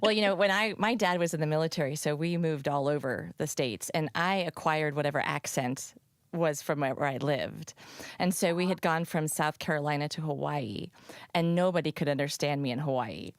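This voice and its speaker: Low-voiced woman co-host, dry studio sound. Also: normal speed, no echo. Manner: joking, chatty. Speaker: podcast co-host. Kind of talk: casual chat. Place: recording studio.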